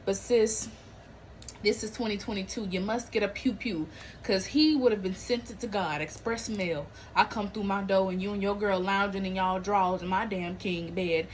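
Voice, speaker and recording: Here the host speaks at medium pitch over slight background noise, and the audio is poor. Chatting about celebrity and viral news, she's animated and slangy, laughs often, and acts out what people said.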